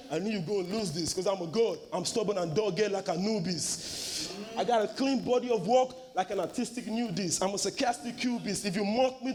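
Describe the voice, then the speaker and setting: A man's voice: high-pitched, a little mellow. A young man from Nigeria delivering an aggressive, taunting, profane rap battle verse, recorded live. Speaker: battle rapper. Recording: live event with cheering crowd.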